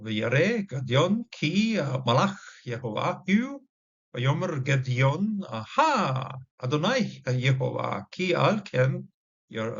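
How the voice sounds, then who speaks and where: A man teaching a casual Bible word study, pausing often with fillers and restarting his sentences as he sounds out Hebrew words slowly. His voice has a gravelly fry, and the recording is dull and lo-fi. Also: mid-range voice. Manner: halting, many fillers and restarts.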